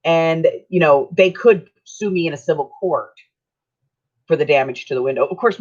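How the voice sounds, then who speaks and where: A woman's voice: sits low, moderate pace, a little mellow. An older woman hosting her own channel, telling stories in a chatty, folksy way and laughing often. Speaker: craft channel host. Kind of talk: casual storytelling chat. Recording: dull lo-fi sound.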